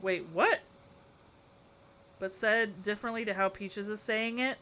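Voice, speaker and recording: Young female streamer, bright tone, casual chat, quick exasperated reactions. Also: mid-range voice. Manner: playful, exasperated, reacting to chat with frequent laughter. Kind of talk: casual live-stream chat while building in a game.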